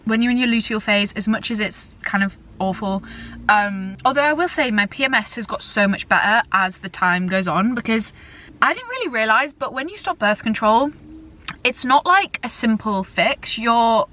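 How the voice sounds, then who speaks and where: A young woman in her twenties chatting casually while driving, excitable and swearing often. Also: a little high, moderate pace. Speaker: vlogger. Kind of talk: casual chat. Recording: loud road noise from the car.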